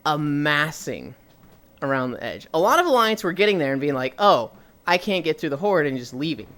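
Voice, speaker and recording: Lively man telling a rambling story. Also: fairly high pitch. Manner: rambling, animated storytelling with casual swearing. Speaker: streamer. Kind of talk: casual chat, storytelling while walking on a treadmill.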